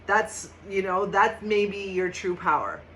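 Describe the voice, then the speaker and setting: A woman's voice: medium pitch, a little slow, slight background noise, rough recording. A woman hosting a casual tarot and astrology reading, chatty and emphatic, laughing often. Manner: chatty and emphatic, laughs often, bursts into loud mock shouts.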